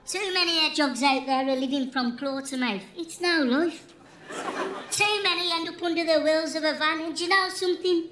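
A woman's voice: high-pitched, moderate pace, close to an everyday voice. A woman playing a crude, swaggering male hedgehog celebrity with a Black Country accent in a radio comedy. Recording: roomy echo, faint noise.

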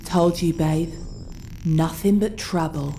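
A woman's voice: low voice, slow pace, warm tone, a little hiss or hum. A woman playing a brash, cheeky date.

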